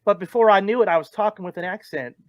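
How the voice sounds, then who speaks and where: A man's voice: high voice, fast, no echo. A man from California hosting a podcast, asking questions in a friendly, affirming way with frequent ums. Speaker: podcast host. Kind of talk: casual interview chat.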